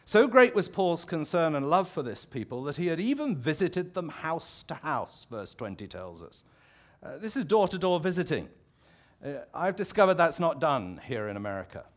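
A man's voice: on the high side, big pitch swings, moderate pace. A man with an English accent, a pastor preaching a sermon in a conversational, reflective way, often restarting his phrases and adding asides. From England.

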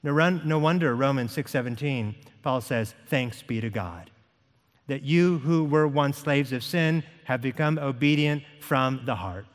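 A man preaching a sermon to a congregation, reading scripture slowly and pressing each point with emphasis. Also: medium pitch, animated. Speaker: pastor. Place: church sanctuary. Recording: long hall reverb.

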